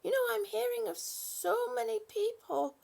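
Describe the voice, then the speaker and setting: A woman's voice: very high-pitched, expressive, moderate pace, creaky. An older woman hosting a live stream, chatting as she reads viewers' comments, with many ums and restarts. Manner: chatty, warm-hearted, with frequent "um" and restarts. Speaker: channel host.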